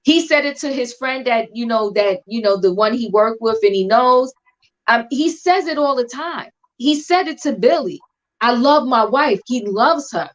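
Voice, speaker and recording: A woman co-hosting a casual chat about a TV show, talking in an animated, emphatic, slangy way. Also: fairly high pitch, normal speed. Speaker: podcast co-host. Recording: dull lo-fi recording.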